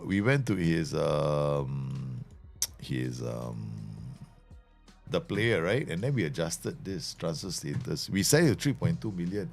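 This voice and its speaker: A very deep-voiced man with a lilt streams a game live, his voice gravelly and swinging lively up and down. He talks in a chatty, animated, joking way, with soft music playing faintly behind him. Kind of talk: live gameplay commentary.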